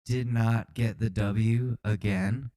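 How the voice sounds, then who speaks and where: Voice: mid-range voice, fairly even intonation, slow pace, warm tone. A podcast co-host in casual comedic chat, swearing often and joking around.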